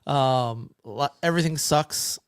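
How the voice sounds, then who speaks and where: A man's voice: mid-range voice, unhurried, clean tone, dry recording, clean studio sound. A middle-aged man co-hosting a casual podcast over beers, telling rambling stories with lots of restarts. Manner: rambling, self-interrupting storyteller. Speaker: podcast co-host.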